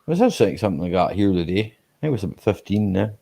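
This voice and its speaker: Scottish man, lowish pitch, laid-back stream chat, chatty, quick to laugh. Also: creaky. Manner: relaxed and chatty, ends lines with "eh?"; laughs easily. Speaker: live-stream host. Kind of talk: casual live-stream chat reading viewer comments.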